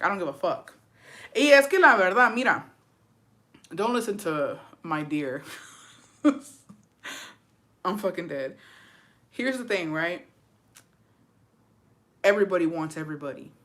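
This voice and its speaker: A woman's voice: medium pitch, pushed and bright. A woman casually telling a story on her livestream, brash and profane, slipping Spanish phrases into her English. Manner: brash, profane and sassy, calling listeners "bitch" and "besties". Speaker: livestream host.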